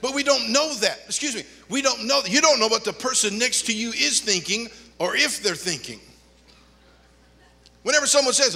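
The sanctuary's long reverb carries an older male pastor's sermon. His high, sharp voice is animated, moderately paced, and a bit breathy, and he keeps slipping in joking asides.

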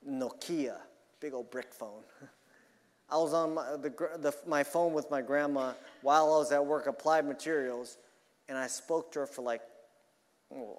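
Guy preaching a sermon, kinda high voice, gets loud then drops real quiet, earnest. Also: in a large hall. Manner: earnest, swings between loud emphasis and quiet asides.

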